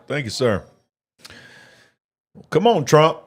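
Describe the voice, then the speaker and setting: A man's voice: mid-range voice, unhurried, pauses often. Man, live stream host, casual chatty talk, munching between lines. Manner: chatty, eating and reading viewer comments on air. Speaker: livestream host. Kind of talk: casual live election-night chat.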